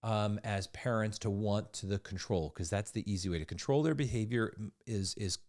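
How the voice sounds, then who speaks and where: Man, 40s, podcast co-host, earnest explainer, somewhat low voice. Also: moderate pace, a little mellow. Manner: earnest, explanatory, frequent restarts. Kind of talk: casual chat.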